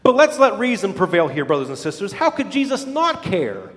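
A man preaching a sermon as pastor, dramatic, dropping to hushed low lines and then rising to loud exclamations. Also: wildly swooping pitch, fairly quick, few pauses, in a large hall.

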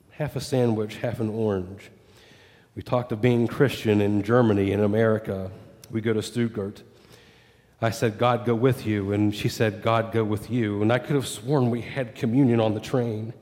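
A man's voice: lowish voice, fairly even intonation, unhurried, mellow, in a large hall. A pastor telling a story in a sermon, voicing quoted dialogue as he goes. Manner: retells a story with quoted dialogue, rising and falling with it.

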